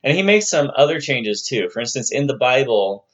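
In a muffled recording, a man with a medium-pitched, sing-song voice lectures at a moderate pace on religious texts. His tone stays conversational, with occasional playful remarks and put-on voices when quoting figures.

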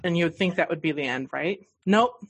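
Husky-voiced woman telling her story. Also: low-pitched, fast, no room sound. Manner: frank, emotional, laughs easily. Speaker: podcast guest. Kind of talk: candid personal storytelling.

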